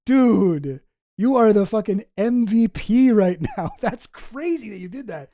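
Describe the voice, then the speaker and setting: This streamer talks in a dark, mellow tone over a dry, close sound. The chat is loose and excitable, with frequent laughter and casual swearing. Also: medium pitch, a little slow, no echo. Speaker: streamer reacting to a clip.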